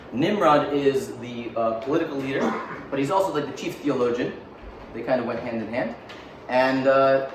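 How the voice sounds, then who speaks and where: A man's voice: mid-range voice, noisy background. A man telling a story in a casual, joking way, with frequent fillers and offhand asides. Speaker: teacher. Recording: roomy echo, mic far off, faint ambience.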